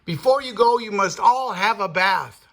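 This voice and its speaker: A man's voice: high-pitched, moderate pace, creaky, fairly bright tone, voice pushed up. A man voicing a fussy, bossy male pirate parrot who scolds in a storybook reading. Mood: scolding. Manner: stern, scolding, prim.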